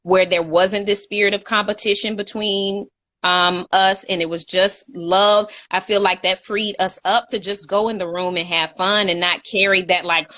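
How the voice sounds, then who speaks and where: A woman's voice: mid-range voice, steady tone, normal speed, bright, forceful tone, no echo. A young woman co-hosting a casual live chat, talkative and laughing, reading out viewer comments. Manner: chatty, laughs often, reads out viewer comments. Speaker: co-host.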